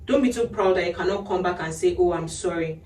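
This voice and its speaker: A woman's voice: fairly low pitch, quick pace, a little mellow. A woman hosting a podcast, giving earnest advice to parents in a casual chat and laughing often. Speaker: podcast host. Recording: echoey room, mic at a distance.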